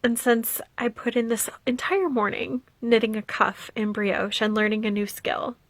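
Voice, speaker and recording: A woman's voice: on the high side, fairly even intonation, normal speed, dry recording. A young woman chatting casually as she knits for her vlog, rambling on with asides and frequent "um"s. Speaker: knitting vlogger. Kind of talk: casual knitting vlog chat.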